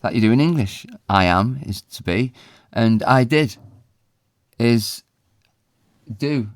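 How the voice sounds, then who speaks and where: A man teaching a language in a relaxed, explanatory way, pausing often with ums. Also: mid-range voice, dry recording, clean studio sound. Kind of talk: casual spoken lesson.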